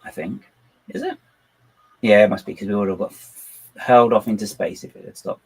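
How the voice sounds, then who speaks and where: A man's voice: lowish voice, very animated, brisk, darkish tone, slightly rough, rough recording. A man hosting a casual livestream from home, rambling and poking fun at himself as he builds on his computer. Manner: rambling, self-deprecating, talks to himself and his dog. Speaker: channel host building models on a computer.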